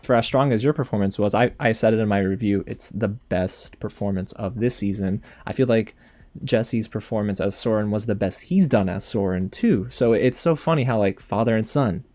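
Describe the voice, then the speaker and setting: A man's voice: lowish voice, normal speed, mellow. A man hosting a fan interview, asking long, rambling, enthusiastic questions. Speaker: interview host.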